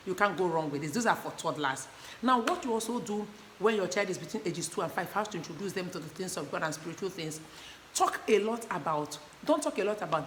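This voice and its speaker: An earnest woman teaching parents, repeating key points and often pausing to ask whether they understand. Her voice sits at an ordinary pitch for a woman. It carries a noticeable room echo over a faint background hiss. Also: lively intonation, a bit bright. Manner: earnest, repetitive, asks "do you understand?".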